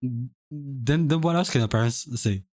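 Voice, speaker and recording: A man's voice: mid-range voice, a little slow, darkish tone. A young man streaming live, chatting casually with lots of stammered restarts and laughter. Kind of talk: casual chat.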